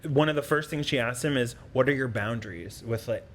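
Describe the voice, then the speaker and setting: A man's voice: medium pitch, fairly quick, a loud crowd. Easygoing man podcast co-host. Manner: easygoing, agreeable, tells events at length. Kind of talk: casual chat.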